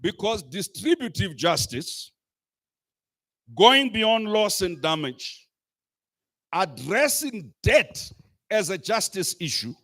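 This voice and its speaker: A man with a fairly high voice delivers a rousing speech from a stage at a slow, deliberate pace. He drives his points home with rhetorical repetition and sometimes rises to a shout. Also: very animated. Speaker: speaker addressing a youth climate assembly. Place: live event stage.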